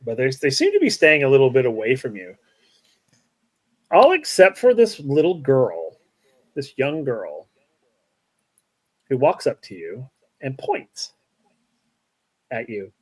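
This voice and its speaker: Lively male game master. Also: mid-range voice, slow, long pauses. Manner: casual, hesitant, full of fillers. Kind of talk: narrating a tabletop game.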